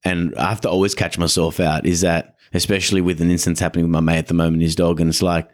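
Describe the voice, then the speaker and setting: A man's voice: deep voice, fast talker. An Australian man, a dog trainer and podcast host, chatting casually and acting out the people in his stories. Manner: animated storyteller, acts out quotes.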